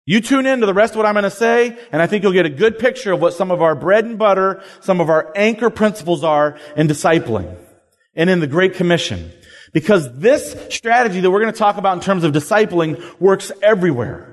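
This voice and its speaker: A man giving an energetic, joking, conversational sermon to college students as a campus ministry speaker. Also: high voice, fairly quick. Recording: long hall reverb.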